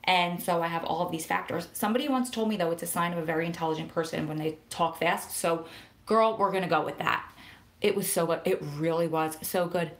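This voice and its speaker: Fast-talking New woman. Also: fairly low pitch. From New Jersey. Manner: fast-talking, excitable, rambling. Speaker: vlogger and prison wife advocate. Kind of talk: casual live-stream chat. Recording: echoey room.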